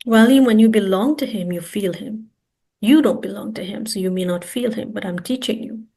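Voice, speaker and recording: A woman's voice: medium pitch, lively intonation, normal speed, vocal fry, warm tone, husky. A woman guest giving an earnest, emphatic personal testimony and repeating words for stress. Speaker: interview guest.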